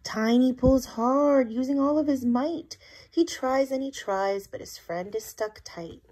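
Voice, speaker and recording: A woman teacher reading a picture book aloud to children, expressive and asking the listeners questions. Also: high-pitched, a little slow. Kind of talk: read-aloud storytelling for children.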